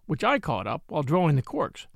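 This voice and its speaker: Gravelly, expressive male storyteller. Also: a little high, a little fast, no echo, studio quality. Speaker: audiobook narrator. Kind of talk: storybook reading of a classic novel.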